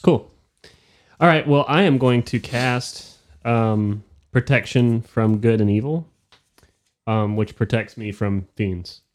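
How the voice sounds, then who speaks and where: A man's voice: mid-range voice, slow. A man playing a tabletop game, talking hesitantly with many fillers and reading out spell rules. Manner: hesitant, filler-heavy, reads rules aloud. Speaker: player. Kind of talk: casual tabletop game chat.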